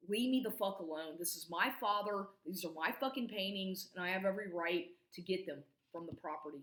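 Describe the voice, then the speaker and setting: A woman's voice: fairly low pitch, a bit bright. Agitated, swearing woman in an echoey room. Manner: profane, agitated, repeats and restarts. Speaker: vlogger. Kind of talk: angry rambling personal story.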